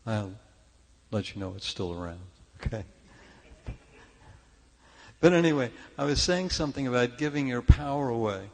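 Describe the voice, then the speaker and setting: An older man's creaky, mid-range voice carries lively intonation at a moderate pace, broken by long pauses, during a story-laden sermon at a spiritual service. In the sanctuary's long reverb, he chats self-deprecatingly and often begins sentences anew.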